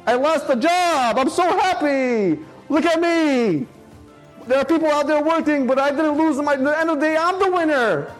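A man's voice: extremely high pitch, moderate pace, faint music behind, voice pushed up. A man playing an overjoyed, triumphant father. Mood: ecstatic. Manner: exultant, shouting out short cries of victory.

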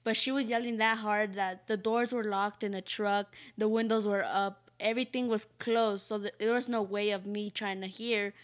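A woman co-hosting a podcast chat, talking in a hesitant, soft-spoken way with many fillers. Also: mid-range voice, steady tone, moderate pace, hardly any pauses. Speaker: co-host, host's daughter. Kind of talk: casual chat.

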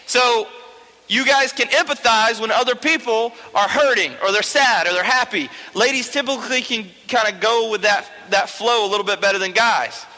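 A young man with a very high, pushed and bright voice talks at a normal speed to a youth group he teaches. The talk is informal, joking and chatty, with frequent "okay?" check-ins, recorded amid the long reverb of a large hall.

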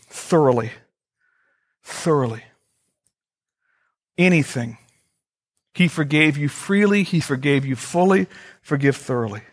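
Earnest pastor preaching, higher-pitched man. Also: fairly bright tone. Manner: earnest, repeats key phrases slowly for emphasis. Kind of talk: sermon.

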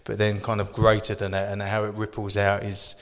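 Male host, low monotone, rambling casual chat, reverberant room. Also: fairly quick. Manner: rambling, many restarts and fillers, warm praise. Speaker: podcast host.

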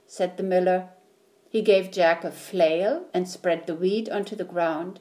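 A woman reading a children's story aloud, slowly and clearly. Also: fairly low pitch, steady tone, dark tone. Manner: slow, clear, deliberate reading.

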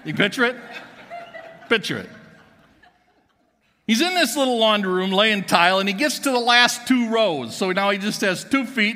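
Joking pastor with a high, bright voice. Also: male voice. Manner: joking storytelling to the congregation. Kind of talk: sermon. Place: church sanctuary. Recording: church hall reverb.

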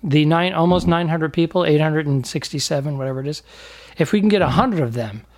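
A man's voice: on the high side, brisk. A man co-hosting a casual comedy podcast, rambling and laughing often as he chats. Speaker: podcast co-host.

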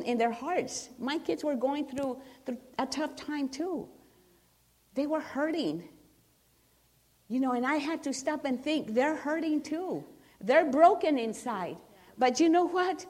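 This middle-aged woman has a high voice and talks a little slowly as she testifies before her church congregation. Earnest throughout, she keeps restarting sentences for emphasis.

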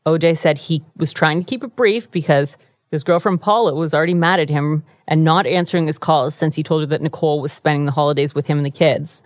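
A woman's voice: low voice, steady tone, fast talker, no echo. A woman hosting a true crime podcast, telling the story in a wry, easygoing way from a radio studio. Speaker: podcast host.

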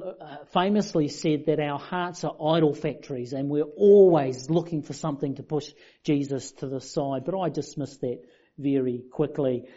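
A man's voice: fairly high pitch, mellow. A man preaching a sermon in a conversational, self-deprecating way. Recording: dull lo-fi sound.

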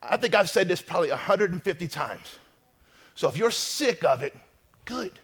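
High-voiced pastor preaching with emphasis. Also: male voice, sing-song, moderate pace, slightly rough. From North America. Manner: emphatic preaching, swings from loud to hushed. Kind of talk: sermon.

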